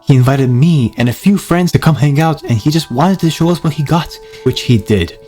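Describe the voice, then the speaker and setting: A man's voice: fairly high pitch, expressive, normal speed, warm tone. A man doing a voice-over as a mock detective, with a dramatic, over-the-top noir delivery. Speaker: narrator. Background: music.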